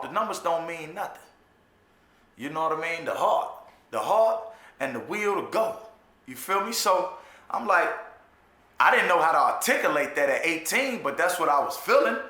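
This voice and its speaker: Bright-voiced man telling a street story. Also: a little high. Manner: profane street slang, frequent "you know what I'm saying"; animated retelling with restarts and repetitions. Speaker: storyteller recounting his jail time. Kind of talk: casual spoken storytelling monologue. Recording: echoey room.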